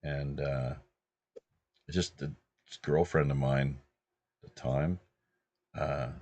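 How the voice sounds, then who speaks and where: A man in his fifties from British Columbia, hosting and rambling through a relaxed anecdote. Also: rumbling low, slow, dry recording. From British Columbia, Canada. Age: 50s. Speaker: host. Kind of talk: casual anecdotal chat.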